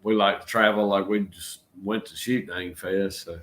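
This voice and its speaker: A man's voice: deep voice, fairly even intonation, normal speed, fairly bright tone. A middle-aged man with a Georgia Southern accent, hosting a casual livestream chat in a folksy, rambling way. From Georgia, USA. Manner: folksy, rambling, says y'all. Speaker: channel host.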